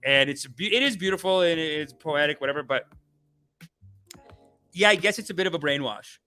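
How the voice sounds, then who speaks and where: A man's voice: fairly high pitch, normal speed. A man hosting a comedy talk stream, ranting casually, swearing, and slipping into voices. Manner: animated, swears, acts out voices. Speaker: comedian host.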